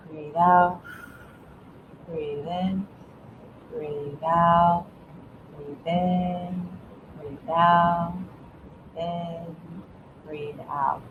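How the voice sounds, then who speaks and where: Middle-aged woman, low-pitched, earnest guest giving advice; slight background hum. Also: low-quality recording. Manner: earnest, encouraging, with restarts. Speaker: guest, former school principal. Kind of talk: advice-giving interview talk.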